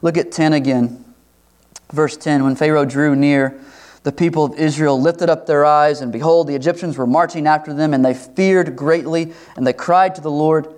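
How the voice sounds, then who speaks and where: A man preaching through a scripture passage. His voice sits a bit high for a man, and he swings into animated, higher-pitched voices whenever he acts out a quote. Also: normal speed. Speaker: pastor. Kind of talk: expository sermon.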